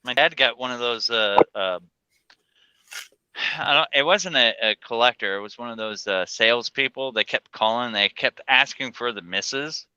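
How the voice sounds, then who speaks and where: A man in casual chat telling a story, hesitant with fillers, with a smooth voice. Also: medium pitch, normal speed, bright, forceful tone, lo-fi sound.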